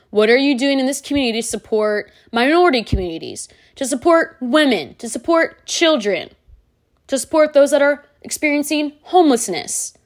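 A woman in her thirties hosting a solo podcast, talking bluntly and candidly straight to the listener. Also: fairly high pitch. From United States. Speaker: podcast host.

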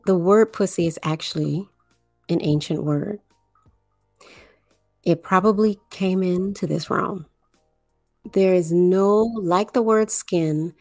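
A woman from the New Orleans area giving a slow explanatory monologue, with deliberate, drawn-out phrasing and pauses. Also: lowish voice, darkish tone, dry recording, clean studio sound.

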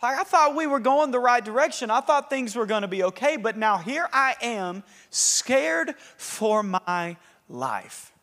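Male preacher voicing a panicked prophet, high and echoey. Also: expressive, a little slow, bright, forceful tone, heavily acted. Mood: pleading. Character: frightened, frantic prophet pouring out his fears.

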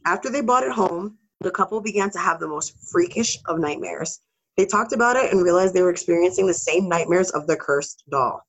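A woman's voice: lowish voice, expressive, a little fast, low-quality recording. A woman co-hosting a podcast, reading spooky stories aloud with casual asides and some swearing. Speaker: podcast co-host. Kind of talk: casual storytelling.

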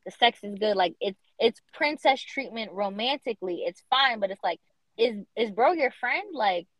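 A woman's voice: on the high side, lively intonation, moderate pace, fairly bright tone, no room sound. A young woman co-hosting a podcast, talking in a casual, emphatic, slangy way with lots of fillers. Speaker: podcast co-host. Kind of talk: casual chat. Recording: dull lo-fi podcast audio.

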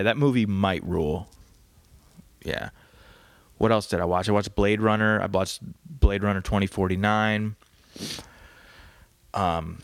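A man's voice: on the low side, no room sound. A man hosting a casual solo podcast from home, rambling crudely and laughing at his own jokes. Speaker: podcast host. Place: home, on a couch.

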